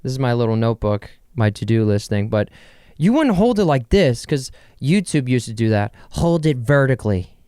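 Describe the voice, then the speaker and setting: Young man, podcast host, bedroom, casual rambling chat, jokey asides, clear resonant voice, mid pitch. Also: sing-song, moderate pace, dark tone, no echo, clean studio sound. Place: his bedroom.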